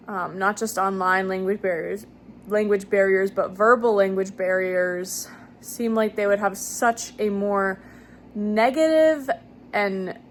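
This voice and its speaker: A woman's voice: mid-range voice, slight background noise. Young woman thinking aloud in a video diary. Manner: reflective, many ums and trailing pauses. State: slightly out of breath. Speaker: vlogger.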